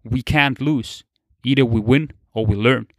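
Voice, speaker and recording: A man's voice: medium pitch, a little slow, dry recording, clean studio sound. A young man giving a casual motivational monologue, laid-back, swearing casually and laughing often. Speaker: motivational podcaster.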